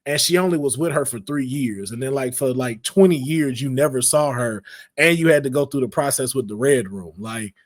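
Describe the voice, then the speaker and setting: A man hosting a casual podcast chat, talking in slangy, animated bursts and acting out quotes in playful voices. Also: mid-range voice, a little fast. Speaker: podcast host.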